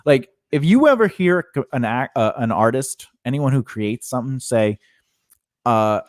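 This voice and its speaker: Lively rambling male podcast host. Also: mid-range voice, moderate pace, no echo, studio quality. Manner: rambling, animated, talks to his dog. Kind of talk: casual chat. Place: home room with dog.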